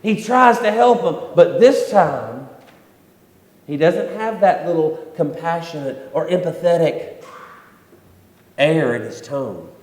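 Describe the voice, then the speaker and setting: In a church sanctuary, a pastor preaches a sermon conversationally, repeating his key points and acting out quotes. His voice is a little high, expressive and slightly mellow, with a slow pace and frequent pauses.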